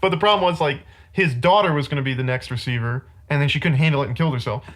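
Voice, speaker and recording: A man's voice: on the high side, quick pace, fairly bright tone. Chatty man ranting about movies. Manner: chatty, rambling, laughs often. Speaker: podcast host reviewing bad movies. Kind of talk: casual podcast chat.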